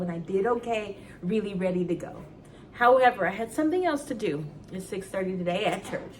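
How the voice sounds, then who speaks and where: A woman's voice: medium pitch, far from the mic, a little hiss or hum. A woman talking earnestly and emotionally to her viewers about faith in a personal vlog at home. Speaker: vlogger. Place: at home indoors.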